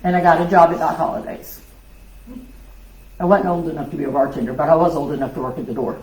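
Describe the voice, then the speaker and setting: Loud woman telling her story. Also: deep voice, fast talker. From South Louisiana. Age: 60s. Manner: loud, lively storytelling with laughs and acted-out voices. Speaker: women's conference speaker. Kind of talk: personal testimony talk. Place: church hall. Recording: echoey hall with faint noise.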